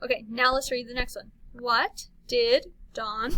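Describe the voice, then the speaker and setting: Woman teacher, slow and carefully modeled read-along delivery, high voice, faint background noise. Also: low-quality recording. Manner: slow, clearly modeled reading with lively exclamations.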